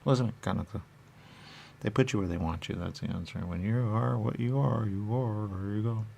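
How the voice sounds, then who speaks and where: At normal speed, a man with a lowish, slightly mellow voice and vocal fry plays a radio host, with a faint hiss or hum behind him. He rambles through a silly comic monologue, circling through questions he asks and answers himself.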